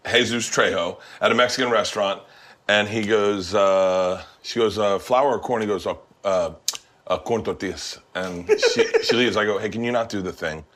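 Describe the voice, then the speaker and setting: A man's voice: lowish voice, normal speed, a bit bright. A man hosting a casual podcast chat in a kitchen, telling jokey stories with lots of swearing. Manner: profane, joking storyteller.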